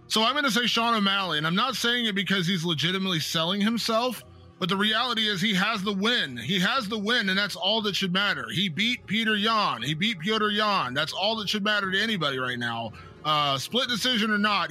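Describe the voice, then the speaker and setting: A man's voice: high-pitched, lively intonation, a little fast, bright, forceful tone, faint music behind. A man on a panel giving his pick in a blunt, dismissive way. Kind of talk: casual debate.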